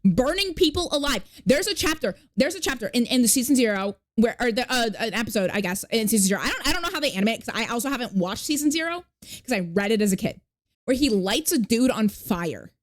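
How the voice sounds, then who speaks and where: A woman's voice: fairly high pitch, big pitch swings, fast. A woman streamer chatting casually with her viewers. She rambles with lots of fillers, swears freely and stops to thank new followers. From not New York. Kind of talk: casual live-stream chat.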